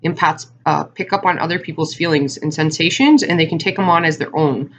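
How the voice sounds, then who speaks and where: A woman's voice: low voice, a little fast, a little hiss or hum. A woman giving a casual tarot card reading to her viewers, talking in a chatty, rambling way with lots of fillers and asides. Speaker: tarot reader.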